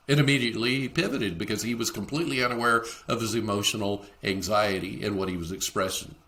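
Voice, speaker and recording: A man's voice: on the low side, fast talker, few pauses, sharp tone. A middle-aged man hosting a leadership podcast, talking alone to listeners and acting out the dialogue he quotes. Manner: acts out quoted dialogue in shifting voices. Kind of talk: solo podcast teaching talk.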